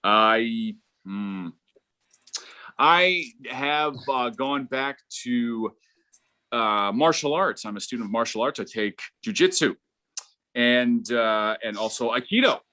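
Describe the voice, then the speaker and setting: This is a middle-aged man performing stand-up. His voice is bright and forceful, with a middle-of-the-road pitch. He wanders through his stories in a halting way, with frequent fillers and restarts. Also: animated. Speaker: stand-up comedian. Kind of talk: stand-up comedy set.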